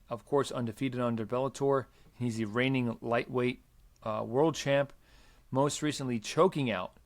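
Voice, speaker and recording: A man hosting a casual MMA preview, running through fighter records and handing off to co-hosts. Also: medium pitch. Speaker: show host. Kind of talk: casual sports chat, reading fight stats.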